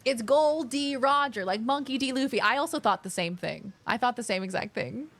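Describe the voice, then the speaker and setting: Young woman, higher-pitched, chatty game streamer who gushes over small things. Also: normal speed. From Australia. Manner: excitable, gushing, chatty with viewers. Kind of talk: casual live-stream chat.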